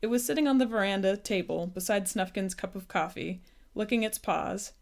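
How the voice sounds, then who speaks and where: A woman reads a children's storybook aloud, gentle and unhurried. Her voice sits at a mid pitch and moves evenly from line to line. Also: vocal fry. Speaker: storybook reader. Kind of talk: reading a children's book aloud.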